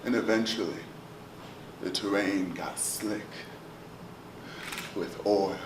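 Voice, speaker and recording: A man's voice: fairly low pitch, slow. Man performing spoken word, roomy and distant. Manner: rhythmic, chanting, swings from loud to hushed. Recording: roomy, distant live recording with noise.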